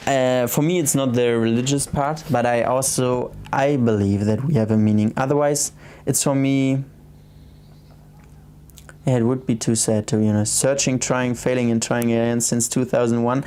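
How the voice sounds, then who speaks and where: A young man with a German accent hosting a casual late-night livestream, reading viewer comments aloud and answering in a soft, hesitant way with many restarts. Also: mid-range voice, fairly even intonation, normal speed, smooth. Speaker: livestream host.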